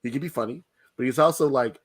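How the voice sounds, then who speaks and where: A man co-hosting a podcast in casual chat, who laughs often and talks in a loose, animated way. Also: mid-range voice, fast talker, husky, no room sound. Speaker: podcast co-host.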